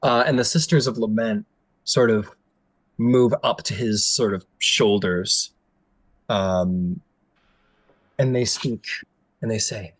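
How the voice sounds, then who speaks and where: A man's voice: fairly low pitch, slow pace, long pauses, no room sound, rough recording. A man narrating as game master in a loose, filler-heavy style.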